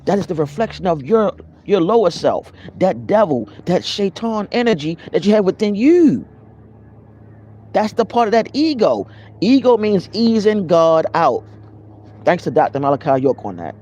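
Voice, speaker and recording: This man's voice sits high and moves at a normal speed through a casual, uplifting spiritual chat. The spiritual vlogger is lively and conversational, greeting his live viewers by name. The sound quality is lo-fi.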